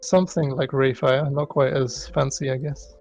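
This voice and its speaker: A man being interviewed in a casual live stream, with deadpan humor and frequent laughs. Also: mid-range voice, normal speed, muffled recording, faint music behind. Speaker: interview guest, asset developer.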